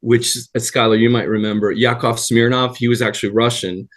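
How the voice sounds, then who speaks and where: A man's voice: medium pitch, flat delivery, fairly quick. A man talking as a guest in a casual interview, telling long anecdotes with a rambling flow. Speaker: guest actor and writer.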